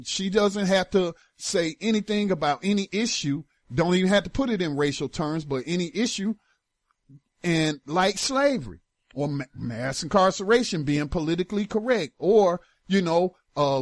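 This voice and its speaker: A man's voice: high voice, dry recording, studio quality. A man hosting a talk radio show, giving emphatic political commentary in casual with slang.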